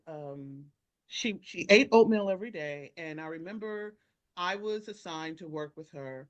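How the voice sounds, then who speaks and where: Woman telling a story deliberately. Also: fairly low pitch, a bit bright, no room sound. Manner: deliberate, with drawn-out pauses. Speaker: oral history interviewee. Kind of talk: personal storytelling.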